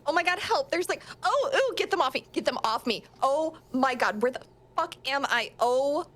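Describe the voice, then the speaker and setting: A woman's voice: on the high side, unhurried, lightly acted. A woman playing a squeamish young clubber lost in a sewer, whining and stuck on "like". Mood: panicked. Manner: whiny, squeamish, full of "like".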